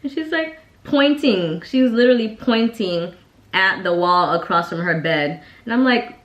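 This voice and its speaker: A woman's voice: mid-range voice, expressive, moderate pace, muffled recording. A woman vlogger telling a personal story in a casual, chatty way, full of "like" fillers. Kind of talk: casual storytime while getting ready. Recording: echoey room.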